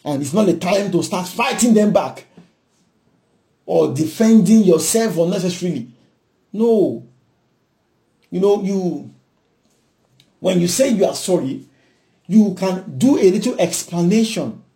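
High-voiced Nigerian man preaching. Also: expressive, measured pace, pauses often, mellow. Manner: emphatic, repeats himself, punctuates with hallelujah. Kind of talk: sermon.

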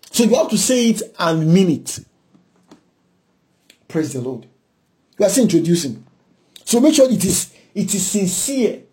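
A man's voice: sits high, a little mellow. A man with a Nigerian accent preaching a sermon, emphatic, repeating points and punctuating with hallelujah.

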